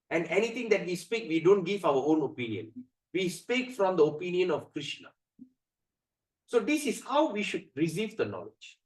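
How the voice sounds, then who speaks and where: Man teaching scripture, echoey room. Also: on the high side. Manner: chants verses slowly, then explains animatedly with fillers. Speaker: spiritual teacher. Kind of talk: scripture class lecture. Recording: echoey room, mic at a distance.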